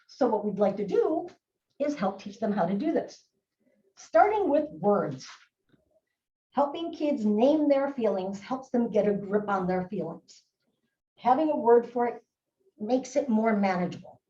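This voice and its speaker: Speaking at a moderate pace, a high-voiced woman presents on child behavior in a recorded live training session held in a presentation room. Her delivery is lively, and she acts out the words of both kids and adults. A distant mic in the echoey room leaves the audio dull.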